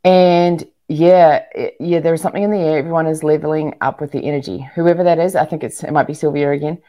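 A woman's voice: deep voice, fairly even intonation, quick pace, mellow. A woman, a guest entrepreneur giving earnest, motivational advice in casual interview talk with frequent ums and restarts. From New Zealand. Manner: earnest, motivational, many fillers.

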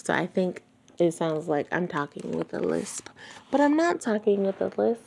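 A woman's voice: fairly low pitch, big pitch swings, moderate pace, vocal fry, darkish tone, a little hiss or hum. A woman hosting a podcast who reads a novel aloud in a casual way. She often stops to fix her misreadings and chats between passages. Her mouth sounds wet and full of spit, and she records at home rather than in a studio. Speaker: podcast host reading a book aloud. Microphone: home recording, not studio-soundproofed.

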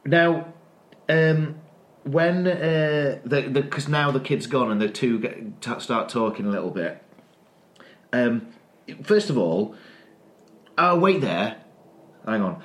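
A man's voice: mid-range voice, animated, slow, pauses often. A man, chatting casually as a podcast co-host, rambling and restarting as he retells scenes. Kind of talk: casual chat.

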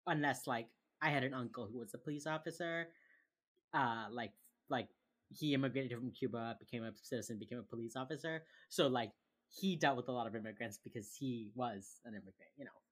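A woman's voice: very deep voice, fairly quick, breathy edge. A woman from Miami co-hosting a podcast, recapping a TV episode in casual chat full of "like" fillers. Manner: chatty, frequent "like" fillers, swears casually. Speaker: podcast co-host.

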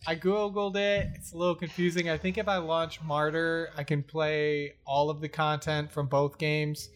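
A man co-hosting a casual gaming chat, relaxed and curious. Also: on the high side, normal speed, soft background music.

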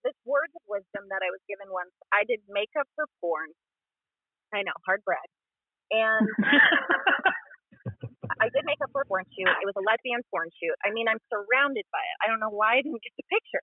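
A woman's voice: medium pitch, husky, dry recording, phone-quality sound. A woman doing a rambling, profane, self-deprecating stand-up set on stage and introducing the next comic. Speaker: comedian and show host. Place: comedy club stage.

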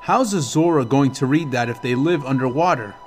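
A man's voice: mid-range voice, a little fast, faint music behind, close to an everyday voice. A man voicing a young, anxious boy in an audiobook, speaking hesitantly and wonderingly. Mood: unsure.

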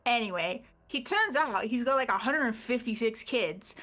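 A woman's voice: on the high side, moderate pace, hardly any pauses, pushed and bright. A woman casually recapping the last tabletop game session, chatty and freely swearing. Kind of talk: casual live-stream chat.

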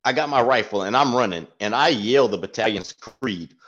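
A man telling an animated, profane army story with frequent laughs in casual podcast chat. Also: lowish voice, normal speed. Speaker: podcast co-host, former staff sergeant. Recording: dull lo-fi sound.

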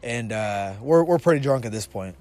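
A man's voice: mid-range voice, expressive, normal speed, a little mellow. A young man from the Pacific Northwest telling a rambling, laughing story on a casual podcast, recorded outdoors in the cold. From Vancouver, Washington. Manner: rambling, laughs through his story, swears freely. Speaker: podcast co-host.

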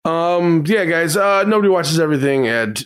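A man's voice: fairly high pitch, animated, moderate pace, fairly bright tone, smooth. A man co-hosting a podcast, wrapping up the episode with goofy, joking banter. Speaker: podcast co-host. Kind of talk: casual chat.

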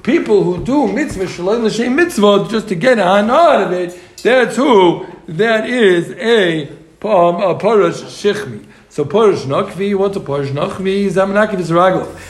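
A man's voice: sits high, lively intonation, reverberant. A man teaching a Gemara class to students, explaining the text and joking with them along the way. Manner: joking, quick asides to students. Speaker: Talmud teacher.

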